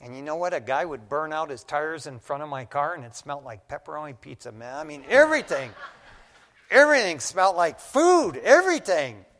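A man's voice: on the high side, fast, hardly any pauses. Folksy man preaching in reverberant church. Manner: folksy, animated storytelling preacher, says "man" often. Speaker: pastor. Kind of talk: conversational sermon. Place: church sanctuary. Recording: long reverb of a large church hall.

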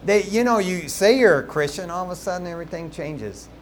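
A man preaching a sermon as pastor, telling stories in a lively, conversational way with asides to the congregation. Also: high voice, a little fast, slight background noise.

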